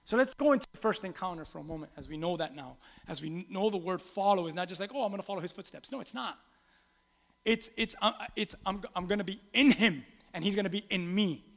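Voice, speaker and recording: A man's voice: sits high, a little fast, gravelly, long reverb tail. A man preaching a sermon as pastor, acting out scripture quotes and calling on the congregation to answer back. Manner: animated, acts out scripture quotes, asks the congregation to respond. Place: church sanctuary.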